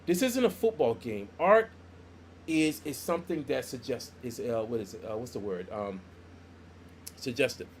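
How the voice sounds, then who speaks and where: In a mid-range voice at a moderate pace, a middle-aged comic book artist recounts stories during a laid-back podcast chat. He's an animated teller who voices the quoted dialogue himself, and there's slight background noise.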